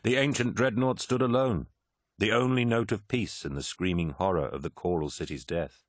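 A man reading a war story aloud as an audiobook narrator, in a grave, measured way. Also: lowish voice, no echo, studio quality.

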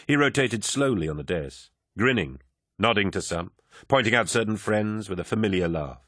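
This is scripted audiobook narration by a man whose fairly low voice keeps an even, measured storytelling pace, captured in a dry, studio-quality recording.

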